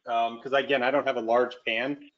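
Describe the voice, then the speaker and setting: A man's voice: mid-range voice, flat delivery, normal speed. A man chatting casually while cooking, rambling with many fillers and restarts. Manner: rambling, lots of likes and restarts. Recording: dull lo-fi call audio.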